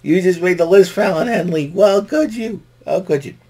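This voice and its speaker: An indignant male wrestler , as a man puts him on, tears into someone in a raised, exasperated voice. The pitch climbs well above the performer's normal range and the delivery is loud and scolding. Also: animated, moderate pace.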